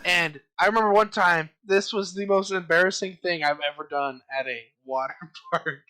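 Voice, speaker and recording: A young man with a high voice co-hosts a laid-back podcast conversation at a normal pace. He tells his stories with lots of energy, acting out the panicked things he said.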